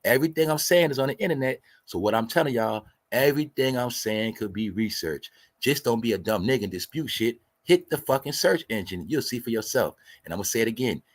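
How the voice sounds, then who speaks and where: A man's voice: medium pitch, lively intonation, a little fast. A man hosting a commentary show, ranting in a profane, combative, lecturing way and repeating his points for emphasis. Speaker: host. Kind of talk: commentary rant.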